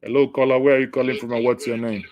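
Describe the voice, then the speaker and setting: A man's voice: medium pitch, level tone, rapid-fire, no echo, muffled recording. Sarcastic Nigerian man hosting. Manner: mocking, sarcastic jokes. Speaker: host taking callers. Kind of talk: satirical call-in chat.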